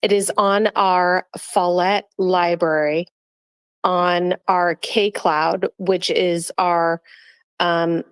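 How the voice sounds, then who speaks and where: A woman's voice: on the low side, flat delivery, extremely slow, clear, resonant tone. A woman, a podcast guest speaking hesitantly with many fillers. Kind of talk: casual chat.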